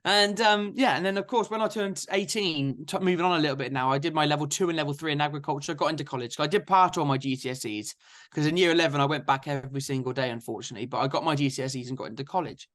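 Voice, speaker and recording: A young man, telling his story in a lively, chatty interview. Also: a little high, quick pace. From England. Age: 20s. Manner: chatty, energetic anecdotes with frequent "so therefore". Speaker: guest farmer.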